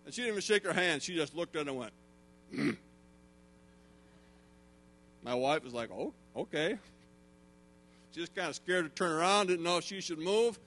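A middle-aged man preaches a sermon in a high voice. He tells stories with animation and swells into emphatic preaching. A low electrical hum runs under the recording. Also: fast talker, few pauses, a bit bright. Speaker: pastor.

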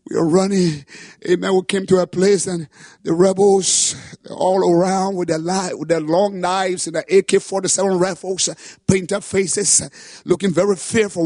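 Male pastor, husky tenor, fervent sermon delivery, dry close sound. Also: sits high, normal speed, no room sound. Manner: impassioned preaching, rising to shouts. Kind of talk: sermon testimony.

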